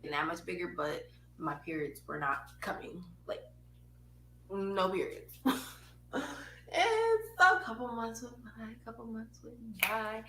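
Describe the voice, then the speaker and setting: A woman's voice: medium pitch, bright, forceful tone, reverberant, slight background noise, rough recording. A young woman telling a personal story in a frank, casual way, swearing freely and laughing as she goes.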